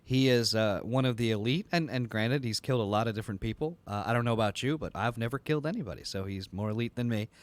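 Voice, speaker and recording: A man's voice: medium pitch, fast, few pauses. A man co-hosting a podcast, chatting about a film in a wry, teasing, matter-of-fact way. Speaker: podcast co-host. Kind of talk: casual film review chat.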